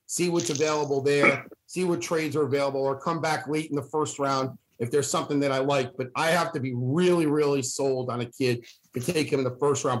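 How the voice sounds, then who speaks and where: A man's voice: mid-range voice, low-quality recording. A man on a sports talk panel, laying out his opinions bluntly and with emphasis in a casual debate.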